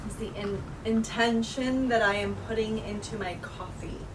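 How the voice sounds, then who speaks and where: A woman talking casually to the camera in a vlog, relaxed and chatty, trying to enunciate clearly. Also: a little high, normal speed, distant mic, noisy background. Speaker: vlogger.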